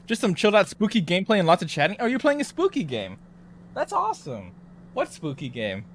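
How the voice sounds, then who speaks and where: Jumpy, high-pitched man streaming a horror game. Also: brisk. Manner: jumpy and excitable, swearing and yelping when scared. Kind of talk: casual live-stream chat while playing a horror game.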